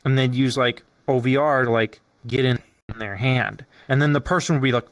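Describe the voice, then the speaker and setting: A man hosting a casual podcast, telling stories in an animated way and swearing often. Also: mid-range voice, brisk, hardly any pauses, dry recording. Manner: animated, profane storytelling. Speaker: podcast host. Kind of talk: casual chat. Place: streaming setup.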